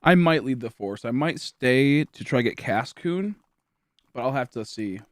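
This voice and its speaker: A young man livestreaming from home, tired and rambling as he chats with his viewers. His pitch sits in a middling range, and he talks out loud as he weighs what to do next, leaning on filler words. The recording is close and dry, with no room sound. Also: animated, moderate pace, dry recording. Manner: rambling, filler-heavy, thinking aloud. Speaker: game streamer. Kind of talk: casual livestream chat to viewers. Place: at home, indoors.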